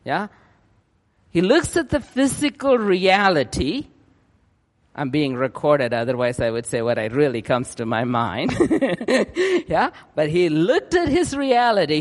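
Excited high-voiced male preacher. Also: big-room sound. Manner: excited, rushing, keeps checking in with "yeah?". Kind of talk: sermon.

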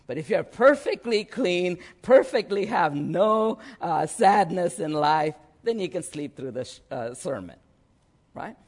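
A man preaching a sermon, slow and lively, often checking in with his listeners. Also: high voice, husky. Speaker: pastor.

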